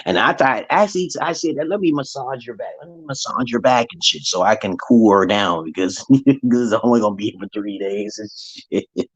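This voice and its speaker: A man's voice: on the low side, normal speed, slightly rough, no echo. Profane man telling a story. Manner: profane, animated, acts out quoted voices. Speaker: vlogger. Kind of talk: casual storytelling monologue. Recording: dry, dull lo-fi sound.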